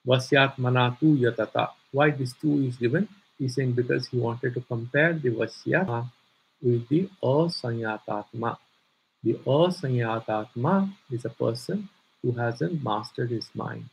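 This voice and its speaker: A man's voice: mid-range voice, measured pace, vocal fry, a little hiss or hum, rough recording. A man teaching a scripture class, explaining commentary and searching aloud for words. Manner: searches aloud for words, many fillers, stresses key terms.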